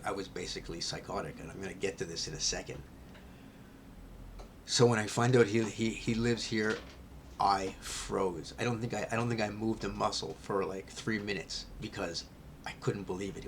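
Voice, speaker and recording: A man telling a candid personal vlog story, rambling with many restarts and often dropping to a hushed near-whisper. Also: sits low, a little hiss or hum.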